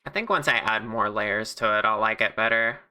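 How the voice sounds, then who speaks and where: Streamer, casual crafting chat, very sharp, crisp, chatty tone, thinks aloud at a home mic. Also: mid-range voice, moderate pace. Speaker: livestreamer making plushies.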